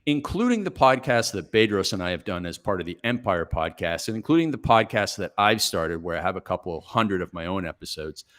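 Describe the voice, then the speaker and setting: Forties male podcast guest, low-voiced, energetic storyteller. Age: 40s. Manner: energetic, brisk and self-reflective. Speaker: podcast guest, business coach.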